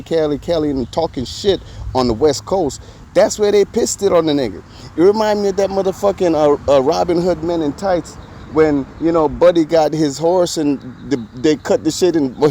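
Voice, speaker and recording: Profane, animated man ranting. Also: on the high side, slight background noise. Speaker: commentator. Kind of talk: casual ranting commentary.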